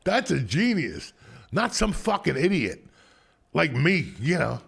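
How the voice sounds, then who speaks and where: Gravelly animated New Jersey man ranting. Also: a little high, slow pace. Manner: animated, blunt, swears heavily, ranting. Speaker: podcast host. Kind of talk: casual profane storytelling.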